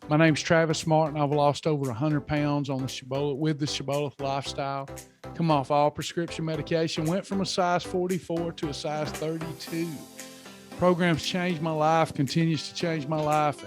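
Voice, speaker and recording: A man hosting a live faith-based wellness session, talking earnestly and repeating himself with many fillers. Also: fairly high pitch. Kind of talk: casual live webinar talk with guided affirmations.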